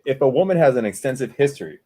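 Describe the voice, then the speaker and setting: Lively, husky low-voiced co-host. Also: male voice, fast talker. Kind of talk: casual live-stream chat.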